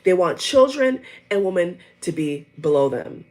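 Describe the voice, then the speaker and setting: Woman vlogger, husky tone, angry blunt rant, volume cutting in and out. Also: fairly low pitch, very animated, normal speed, a little mellow. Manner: blunt, heated, profane, repeats phrases for emphasis. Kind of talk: angry reaction rant to camera. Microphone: headphones on. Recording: audio cutting in and out, level dropping.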